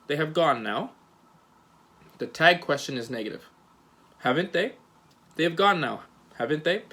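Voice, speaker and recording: Man explaining grammar, halting with fillers. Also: mid-range voice. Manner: relaxed, hesitant, many fillers and restarts; acts out example questions with rising and falling intonation. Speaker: English teacher. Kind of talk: recorded grammar lesson.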